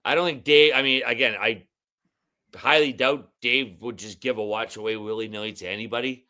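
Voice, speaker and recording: A man guesting on a podcast, talking in a halting casual way with many restarts and fillers. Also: medium pitch, steady tone, pushed and bright. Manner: halting, repeats words, lots of fillers. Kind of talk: casual chat.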